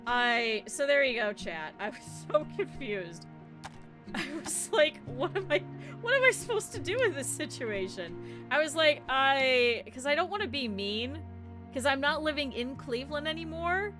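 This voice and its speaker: Streamer, woman, high and bright, animated and laughing, swears casually, desk mic with faint game music under her. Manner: animated, laughs often while telling stories. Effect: cartoon avatar streamer, talking over game music. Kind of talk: casual storytelling to chat.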